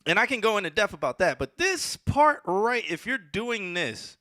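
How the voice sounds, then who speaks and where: A man co-hosting a show, reviewing submitted songs with blunt, animated critique that often trails off mid-sentence. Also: high-pitched, normal speed, no echo, studio quality. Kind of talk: casual music review chat.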